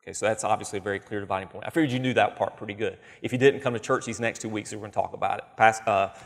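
A pastor teaching a conversational, emphatic sermon in church, reading scripture passages aloud. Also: male voice, lowish voice, fairly even intonation, racing, gravelly, in a large hall.

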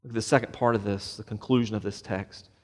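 Animated male pastor in a reverberant hall. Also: on the low side, quick pace. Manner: animated, with rhetorical questions and joking asides. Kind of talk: sermon. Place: church sanctuary.

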